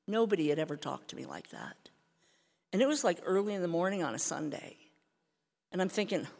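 An older woman telling her recovery story as a candid, self-mocking personal testimony, swinging from hushed to loud. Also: on the low side, lively intonation, a little fast. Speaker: speaker sharing recovery story. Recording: hall reverb.

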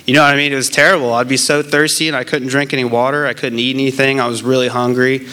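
A man, likely in his twenties, talks through his past in a casual, unscripted way, starting over and trailing off often. His voice is smooth and clean, at an ordinary pitch, and his tone stays frank and self-mocking. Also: little pitch movement, bright, forceful tone. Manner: rambling, halting, many fillers and restarts; candid and self-deprecating. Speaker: person in recovery sharing his story. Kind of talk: casual personal testimony.

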